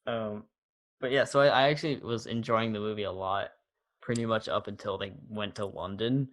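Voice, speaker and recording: A man with a somewhat low voice talks casually with his co-host, often breaking into laughter. He retells movie scenes with playful energy. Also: steady tone, moderate pace, fairly bright tone. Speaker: podcast co-host. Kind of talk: casual chat.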